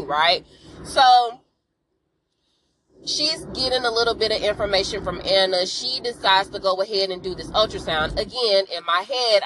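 A woman's voice: mid-range voice, bright, forceful tone, a little hiss or hum, poor audio. A woman hosting a podcast, recapping a TV episode in a chatty, sassy way and talking straight to her listeners. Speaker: podcast host.

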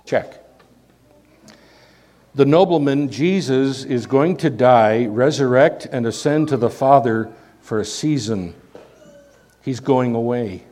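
A man with a Canadian accent, a pastor preaching a sermon full of rhetorical questions and sudden swings in loudness. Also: mid-range voice, slow, long pauses.

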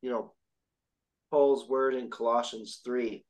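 A man's voice: mid-range voice, fairly even intonation, slow, a little mellow. A man, a pastor and podcast co-host, quoting scripture and reflecting with many fillers. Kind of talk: casual discussion.

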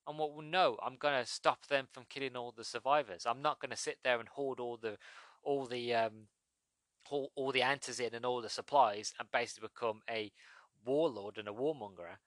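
A man giving a casual, rambling spoken game review, often restarting his sentences and acting out lines from the game in sudden loud bursts. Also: medium pitch, fairly even intonation, normal speed, dry recording. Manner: rambling, chatty, with frequent restarts.

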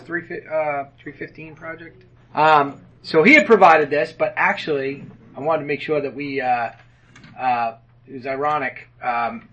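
A man's voice: on the high side, a bit bright, poor audio. A man leading a men's group meeting in a room with tables, talking in a folksy, joking way with many fillers. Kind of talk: casual meeting address.

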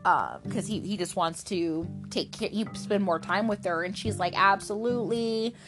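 Woman chatting through a tv recap, animated and loose, swears here and there, faint music behind. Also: on the low side, normal speed. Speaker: soap opera recapper. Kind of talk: casual chat.

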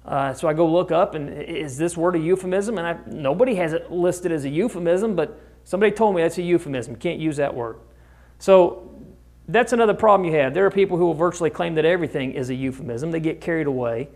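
A man's voice: on the high side, fast talker, darkish tone. A man preaching a conversational sermon, often asking his listeners rhetorical questions. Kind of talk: sermon teaching.

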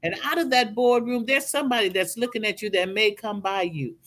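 A woman's voice: mid-range voice, a little fast. A middle-aged woman with a Southern American accent, speaking as a podcast guest in a casual, motivational, preacherly way. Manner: expressive, acts out quoted speech, preacherly.

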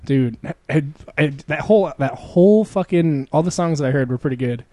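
A man with a fairly high, mellow voice rambles through casual podcast chat, swearing freely and breaking into laughter. The sound is dry and close, with no room around it. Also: expressive, brisk, dry recording. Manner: rambling, profane, laughs often while telling stories. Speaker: podcast co-host.

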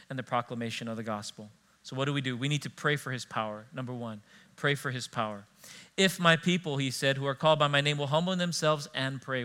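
A middle-aged man, a pastor preaching a sermon in church, animated and conversational, telling stories with asides to the congregation. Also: mid-range voice.

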